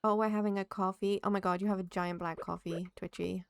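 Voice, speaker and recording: Streaming a farming game, a woman chats casually with her viewers, talking to both chat and the game and giggling often. Her mid-range voice is brisk, flat in delivery, creaky yet smooth.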